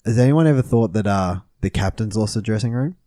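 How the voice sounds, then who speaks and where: A man's voice: lowish voice, fairly quick, warm tone, no echo, studio quality. A man co-hosting a sports podcast, blunt and laddish, swearing as he makes his points. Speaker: podcast co-host. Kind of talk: casual sports banter.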